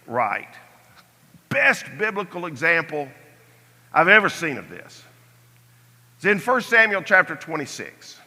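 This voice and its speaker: An older man leads a Sunday Bible class at a slow, measured pace, letting his voice go soft on key phrases. His tone is bright, sharp-edged and a bit high for a man, and a long church-hall reverb surrounds the sound.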